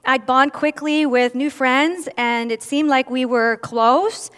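A woman's voice: sits high, fairly even intonation, takes it slowly, a bit bright, smooth. A woman giving a candid personal testimony at a church service, with self-deprecating humor. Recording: long reverb of a large hall.

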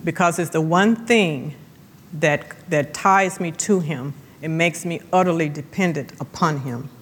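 A woman's voice: low-pitched, breathy edge. Woman testifying in a reverberant hall. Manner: emphatic, repeats phrases, slows for effect. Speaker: guest speaker giving testimony. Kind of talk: church testimony. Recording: long church-hall reverb.

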